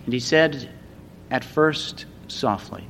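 A man delivers a sermon at a slow, deliberate pace. He speaks earnestly and swells into loud, emphatic repetitions. A long reverb and a faint rumble sit behind his voice. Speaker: preacher.

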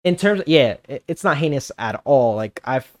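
Reflective young man, halting. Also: medium pitch, animated, a little mellow, no echo. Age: young adult. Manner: reflective, hesitant, restarts often. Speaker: podcast co-host. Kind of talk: casual podcast chat.

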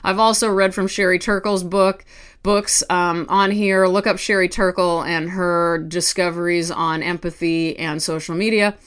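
A woman artist talking to camera at home, ranting with quick restarts and asides. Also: on the low side, steady tone, smooth. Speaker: artist vlogger. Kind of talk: casual talk to camera.

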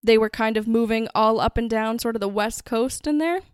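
Smooth-voiced woman hosting a podcast. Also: fairly high pitch, fairly quick, dry recording, studio quality. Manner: chatty, conversational storytelling. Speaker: podcast host. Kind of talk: casual true-crime podcast narration.

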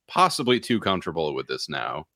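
A man, co-hosting a podcast in casual chat, rambling and self-mocking as he tells animated stories. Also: very deep voice, fairly quick, creaky, dry recording, studio quality. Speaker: podcast co-host.

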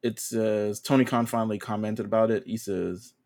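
A man co-hosting a podcast, chatting casually in a relaxed, slangy way. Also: lowish voice, normal speed, vocal fry. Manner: relaxed, loose with fillers and slang. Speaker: podcast co-host. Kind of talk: casual chat.

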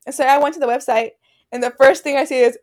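Giggly young woman, high bright voice. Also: fast talker. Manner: giggly, excitable, bursts into laughter. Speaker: podcast co-host. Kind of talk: casual chat.

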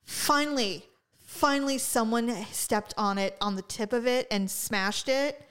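A woman co-hosting a podcast, telling stories in casual chat, animated and profane, laughing often. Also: a little high, unhurried, smooth. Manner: profane, chatty. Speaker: podcast co-host.

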